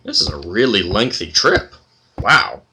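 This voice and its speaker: A man's voice: deep voice, very animated, a little slow, pushed and bright, a little hiss or hum. A man hosting a let's play, chatting casually and reading game text aloud with a lot of fillers.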